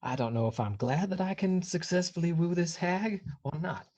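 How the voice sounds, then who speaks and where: A man playing his character in a tabletop game, speaking in a flowery, flattering, formal way with hesitations. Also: sits high, normal speed, no room sound, dull audio. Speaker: player. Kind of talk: in-character role-play.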